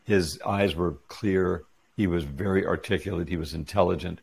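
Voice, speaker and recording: Man, middle-aged, interview guest, gravelly, husky, animated storytelling. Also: sits low, moderate pace. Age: 40s or 50s. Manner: animated retelling with quoted dialogue. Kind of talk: casual storytelling.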